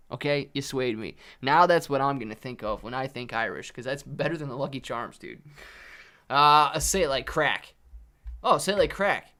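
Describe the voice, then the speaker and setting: A man's voice: mid-range voice, pushed and bright. A man hosting a casual live stream, calling out stock prices and chatting upbeat with viewers by name. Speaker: live-stream host reading viewer chat.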